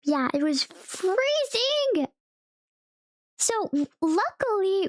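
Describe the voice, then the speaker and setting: A woman's voice: high voice, slow pace, dry recording, studio quality. A young woman streamer chatting casually to her viewers, rambling through a story and laughing often between sentences.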